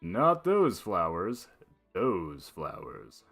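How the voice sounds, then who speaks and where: A man's voice: medium pitch, wildly swooping pitch, slow pace. A playful, flirty knight, as a man reads him, with his voice swooping up and down as he teases. Game music plays faintly underneath. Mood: teasing. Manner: teasing, playful.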